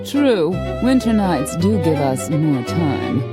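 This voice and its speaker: A woman's voice: deep voice, big pitch swings, slow pace, over loud music, full character voice. A woman voicing a snooty, aristocratic female vampire in an audiobook, with a prim, affected, haughty way of talking. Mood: coy, affected. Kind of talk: audiobook character voice.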